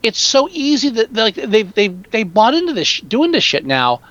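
Man, excitable casual movie talk, lively high voice, dull dry lo-fi sound. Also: normal speed, dry recording. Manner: animated, excitable, swears casually. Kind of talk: casual podcast chat about movies.

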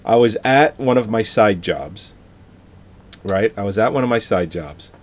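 A man co-hosting a podcast, telling relaxed stories and laughing easily in casual chat. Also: lowish voice, unhurried. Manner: laid-back storyteller, laughs easily. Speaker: podcast co-host. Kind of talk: casual movie-review chat.

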